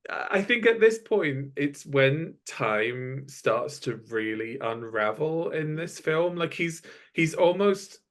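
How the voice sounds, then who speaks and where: A man's voice: a little high, expressive, slow, few pauses. A man who is a guest on a podcast, thinking aloud about a film, stammering and restarting as he works out his ideas. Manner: thoughtful, hesitant, stammers. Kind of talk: casual film discussion.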